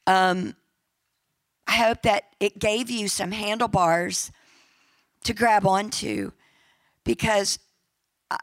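A woman pastor with a raspy voice, giving a chatty, jokey sermon with church announcements and a closing prayer, repeating her points for emphasis. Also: mid-range voice, no room sound, poor audio.

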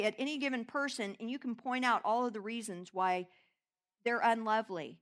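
A middle-aged woman preaching with a bright, forceful edge and a slightly high voice. She tells a heartfelt personal testimony and drives it toward impassioned, fervent preaching. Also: normal speed. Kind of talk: sermon.

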